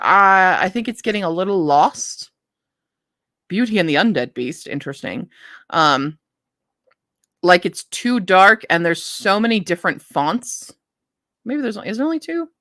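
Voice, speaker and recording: A woman with a mid-range, fairly bright voice hosts a live stream about books, reading blurbs and reacting casually. She keeps interrupting herself and restarting sentences; the audio is studio quality with no room sound.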